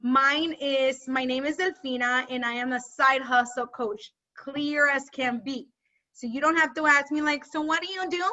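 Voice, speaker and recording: A high, bright woman coach fires up her group with energetic, no-nonsense pep talk. Her voice comes through dull, lo-fi video call audio. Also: normal speed. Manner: energetic, rallying, talks straight to the group. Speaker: side hustle coach.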